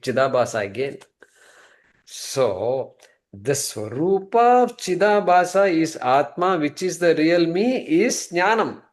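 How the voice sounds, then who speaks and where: A man teaching a scripture class, asking himself questions and answering them. He swings from emphatic high points to quiet low asides. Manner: rhetorical questions, answering himself, repeated restarts. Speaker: Vedanta teacher.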